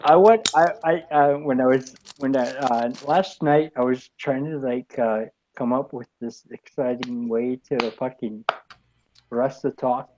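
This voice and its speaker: A man chatting casually in a group call, halting and loose, with many fillers and swearing. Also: mid-range voice, noisy background. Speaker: regular on a chat show.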